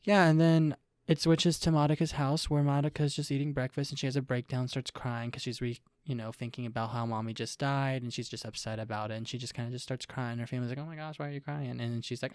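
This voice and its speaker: A young man co-hosting an anime podcast, talking in an animated, rambling way and laughing easily. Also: medium pitch, fast talker, clear, resonant tone, no room sound. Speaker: podcast co-host. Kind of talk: casual anime review chat.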